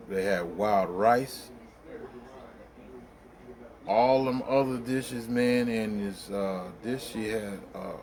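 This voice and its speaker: A middle-aged man telling a long personal story in casual, rambling, colloquial talk, with many fillers and bursts of laughter. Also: on the low side. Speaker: vlogger.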